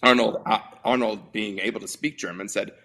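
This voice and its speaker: Chatty bright-voiced man reviewing films. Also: fairly low pitch, fairly even intonation, brisk, gravelly. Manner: rambling, filler-heavy storytelling. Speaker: podcast host. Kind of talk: casual movie review chat.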